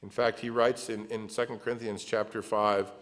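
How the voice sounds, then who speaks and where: A man's voice: fairly low pitch, level tone, moderate pace, fairly bright tone. A middle-aged male pastor preaching a sermon, reading scripture aloud and adding earnest, conversational asides.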